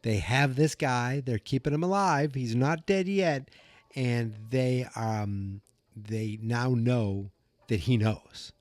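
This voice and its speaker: A man's voice: medium pitch, slow, no echo. A man hosting a podcast, musing and rambling through a casual episode recap with many fillers, from a room at home. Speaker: podcast host. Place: room at home with the door open. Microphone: podcast mic.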